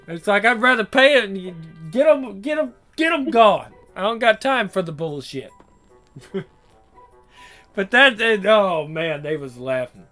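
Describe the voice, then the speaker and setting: A man's voice: high voice, animated, normal speed, bright, forceful tone, faint music behind. A young man telling workplace stories casually, swearing freely and acting out what each person said. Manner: profane, acts out quoted dialogue. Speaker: storyteller. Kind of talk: casual storytelling.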